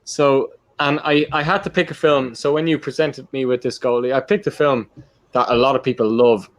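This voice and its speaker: A man's voice: medium pitch, fairly even intonation, normal speed. A man co-hosting a casual podcast chat, laid-back and teasing. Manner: teasing, laid-back, tells others to relax. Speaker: podcast co-host.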